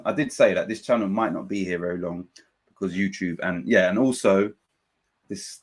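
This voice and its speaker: A man hosting a live football watchalong, commenting on play and reading out viewers' chat messages in an excitable, chatty way. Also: sits low. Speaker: watchalong host.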